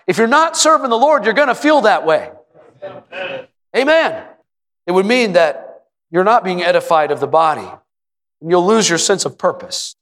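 A male pastor preaching a sermon in a church, building to emphatic repeated phrases and sometimes shouting. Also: sits high, big pitch swings, normal speed, pauses often. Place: church sanctuary. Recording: long hall reverb.

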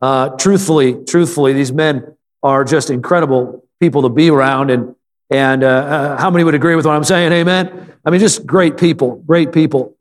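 Male pastor, sermon delivery, somewhat high-pitched, church hall with long reverb. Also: normal speed. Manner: call-and-response preaching with frequent amens; repeats phrases for emphasis, some filler stumbles. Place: church sanctuary.

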